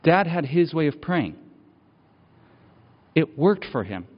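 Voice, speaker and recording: A man's voice: a little high, sing-song, takes it slowly. A man preaching a story-driven sermon in an easy, conversational way, leaning on repeated phrases as he builds intensity. His voice rings with a long hall reverb. The recording sounds a little dull.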